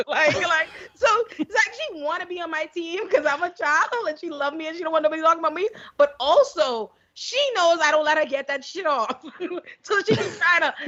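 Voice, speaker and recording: A young woman, telling stories in a casual podcast chat, animated and laughing, heavy on slang. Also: sits high, highs cut off. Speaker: podcast guest.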